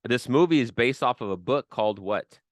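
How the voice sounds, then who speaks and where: A man's voice: mid-range voice, expressive, moderate pace. A man hosting a podcast in casual chat, teasing and quizzing his co-host with amused questions.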